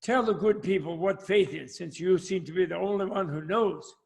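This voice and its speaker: A man's voice: high voice, normal speed, vocal fry, darkish tone. A man putting on an American Southern accent to voice a folksy preacher coaxing his congregation, speaking in a drawling, sing-song way. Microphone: video call.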